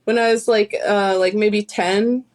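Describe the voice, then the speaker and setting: A woman's voice: medium pitch, fairly even intonation, a little slow, a little mellow. Giggly woman guest saying "like" a lot. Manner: heavy use of "like", giggly and easygoing. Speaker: guest musician. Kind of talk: casual interview chat.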